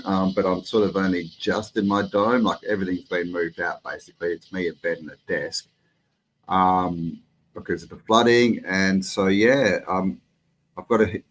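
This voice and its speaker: A man with an Australian accent chats casually on a live stream. His voice sits fairly low, and he talks in a loose, rambling way. He greets his viewers warmly and mates them along as he goes. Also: low-quality recording.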